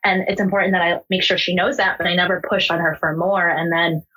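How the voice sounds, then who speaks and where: A young woman from the United States speaks as a podcast guest, sharing her own story in an open, emotional, unpolished way. Her voice sits low for a woman and has a husky, breathy grain. She swears casually and leans on "like" between thoughts. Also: little pitch movement, fast, sharp tone, rough recording. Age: young adult. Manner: candid, emotional, swears freely, many fillers like "like". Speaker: interview guest.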